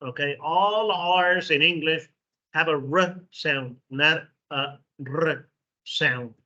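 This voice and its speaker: Slow, bright-voiced man teaching. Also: a little high. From Mexico. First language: Spanish. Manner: slow, repeats sounds, checks in with "okay". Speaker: English pronunciation teacher. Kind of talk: classroom phonetics lesson. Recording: dull lo-fi recording.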